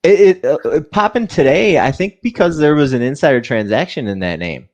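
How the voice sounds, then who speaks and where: A man working on a stock trading show, talking casually with lots of fillers and a relaxed, hesitant flow. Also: a little high, fairly quick. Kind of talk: casual market chat.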